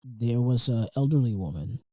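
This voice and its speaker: A young man hosts his podcast in a loose, emotional monologue that is full of fillers and restarts and peppered with swearing. His voice is dark and mellow. The recording is dry and close, with no room sound. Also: mid-range voice, animated, moderate pace, no echo, poor audio. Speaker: podcast host. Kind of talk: casual monologue.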